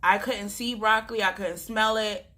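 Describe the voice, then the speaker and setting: Animated young woman from Jamaica, bright voice. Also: mid-range voice, normal speed. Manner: animated, chatty, slangy. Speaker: vlogger. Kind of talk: casual storytelling vlog.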